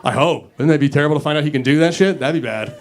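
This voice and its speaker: A man working a stand-up set in a comedy club, talking into a handheld stage mic. His voice sits a touch high for a man. He is brash and profane, jumping from shouted punchlines to low, mumbled asides. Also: racing. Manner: brash and profane, swinging between loud bursts and mumbled asides.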